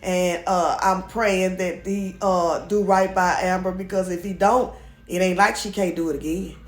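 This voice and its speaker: A woman's voice: on the low side, steady tone, moderate pace. A woman recapping a show for her viewers in a casual, gossipy, opinionated way, with lots of restarts. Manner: chatty and opinionated, many restarts, talks straight to viewers. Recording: echoey room.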